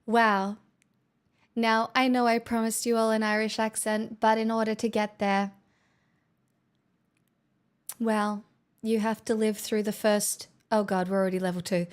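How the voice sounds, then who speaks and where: A woman's voice: medium pitch, little pitch movement, measured pace, long pauses, clean tone. A woman streamer chatting casually with her viewers, playful, giggly and teasing. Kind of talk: casual chat.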